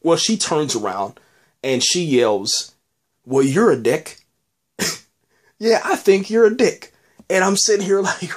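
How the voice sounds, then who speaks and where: A man hosting a casual solo podcast, reviewing a TV episode in a rambling way with lots of fillers, restarts and "man.". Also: medium pitch.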